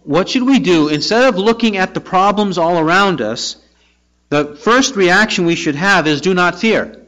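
A high-pitched man preaching verse by verse on a dull, lo-fi recording. He reads scripture passages aloud and then presses his listeners with pointed rhetorical questions. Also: expressive, moderate pace, a bit bright. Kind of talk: expository sermon.

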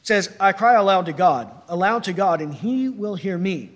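A man's voice: high voice, animated. Earnest man preaching in a reverberant hall. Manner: earnest, reads slowly then explains with "right?". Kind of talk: sermon with scripture reading.

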